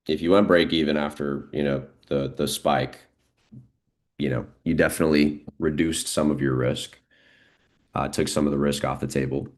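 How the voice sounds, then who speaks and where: A man giving live, unscripted market commentary as a trading streamer, thinking aloud in a relaxed way with frequent fillers. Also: rumbling low, moderate pace.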